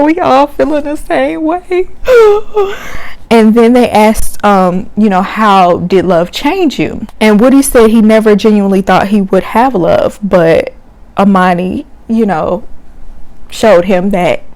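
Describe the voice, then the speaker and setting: A woman talks straight to her camera, recapping a reality show in a loose, gossipy vlog style. Her voice sits at an ordinary middle pitch. She peppers her talk with slang and frequent laughs. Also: a little mellow. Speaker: reality TV reviewer, channel host. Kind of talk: casual chatty recap vlog. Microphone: camera mic.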